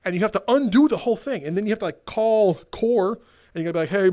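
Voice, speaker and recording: Walking around as he tells it, a young comedic storyteller launches into a profane, sarcastic, exasperated rant. He talks fast in a high voice with lively intonation and a darkish tone.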